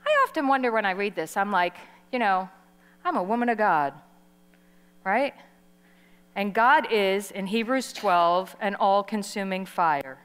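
Animated woman preacher in a big hall. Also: medium pitch, a little slow, smooth. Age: middle-aged. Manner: animated storytelling, acts out quotes, calls for audience response. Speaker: guest preacher. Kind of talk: sermon. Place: large hall. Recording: live sermon in a reverberant hall.

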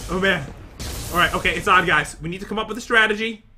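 A man hosting a casual video game session, excitable and teasing, often laughing as he plays. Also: sits high, fast talker, soft background music. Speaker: gaming channel host. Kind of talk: casual let's-play chat.

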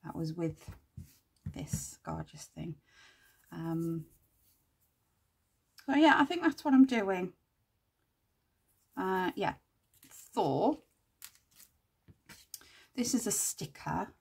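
Slow husky gravelly woman crafter. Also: on the low side, big pitch swings, a little mellow. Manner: chatty, thinks aloud while working, mutters asides to herself. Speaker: craft channel host. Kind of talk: casual crafting tutorial chat.

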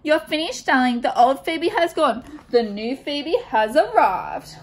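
Lady putting on a fancy bossy bird stylist, high gushy voice, darling this darling that, storybook read-aloud. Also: expressive. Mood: gushing. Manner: gushing, drawn-out, calls everyone darling.

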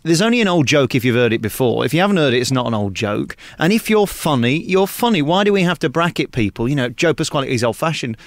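Brief: male radio interviewer, chatty, quick, mid-pitched, dry booth. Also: big pitch swings, no echo. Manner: fast talker, chatty. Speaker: radio host. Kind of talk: interview questions.

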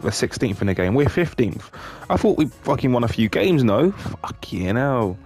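A man commentating on his own football game, swearing a lot and swinging between glum muttering and excited shouting. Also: medium pitch, brisk, slightly rough, faint music behind. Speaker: gaming YouTuber.

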